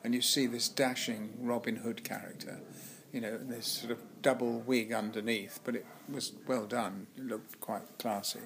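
A man's voice: mid-range voice, fairly even intonation, normal speed, vocal fry, a bit bright, slight background noise. Older man, guest actor, chatty anecdotes, laughs, restarts. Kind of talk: anecdotal interview chat.

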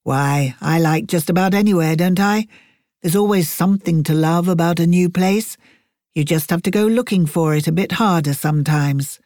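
A woman voicing a cheerful, easily distracted eccentric gentleman professor who talks with breezy enthusiasm. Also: fairly high pitch, moderate pace, no echo, clean studio sound, natural voice.

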